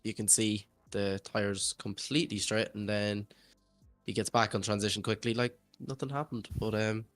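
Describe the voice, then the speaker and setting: A man, judging and co-commentating live, speaking in a measured, hesitant way with many fillers. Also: lowish voice, level tone, a bit bright, dry recording, faint music behind. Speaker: judge and co-commentator.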